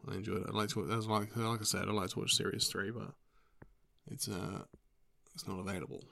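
A young man with a fairly low voice talks in a relaxed, meandering way. His casual chat wanders from point to point, and he swears freely. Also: a little fast, creaky. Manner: rambling, laid-back, swears freely. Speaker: vlogger.

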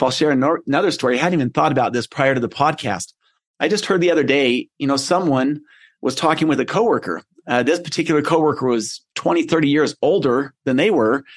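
A man's voice: fairly high pitch, fairly quick. A middle-aged man hosting a motivational podcast, telling stories in an earnest, conversational way. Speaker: podcast host.

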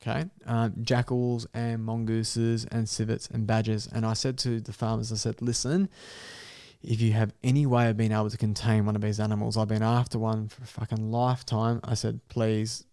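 A young man telling an animal story with animated energy, swearing and laughing as he goes. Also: on the low side, fairly quick, few pauses, clear, resonant tone. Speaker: guest storyteller. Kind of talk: casual podcast storytelling.

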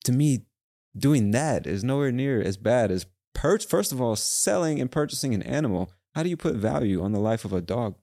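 A man's voice: medium pitch, expressive, normal speed, vocal fry, warm tone, no echo, clean studio sound. A young man hosting a podcast, talking alone in a casual, rambling rant full of swearing. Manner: rambling, profane, ranting. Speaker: podcast host. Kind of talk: casual solo monologue.

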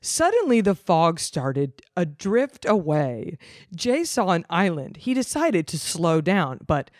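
A woman's voice: fairly low pitch, big pitch swings, slow pace, darkish tone, no echo, studio quality. Wry woman reading a story aloud. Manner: wry, sarcastic, teasing. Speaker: reader. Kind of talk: reading aloud with sarcastic commentary.

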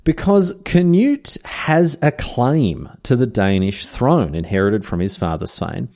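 A man's voice: medium pitch, animated, a little slow, darkish tone. A man, hosting a podcast and telling history in a chatty, irreverent way full of slang asides. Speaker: podcast host. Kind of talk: casual history storytelling.

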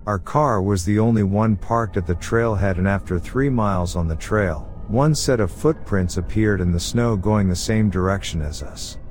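A man narrating true scary stories sent in by listeners, in a steady, low-key storytelling manner. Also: normal speed, hardly any pauses, faint music behind. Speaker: podcast narrator. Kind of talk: reading listener horror stories.

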